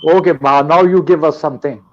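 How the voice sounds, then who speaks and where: An older man from Pakistan teaching English in a live online session, in a deliberate, lecturing way. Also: a little high, steady tone, highs cut off, a little hiss or hum. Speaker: guest teacher.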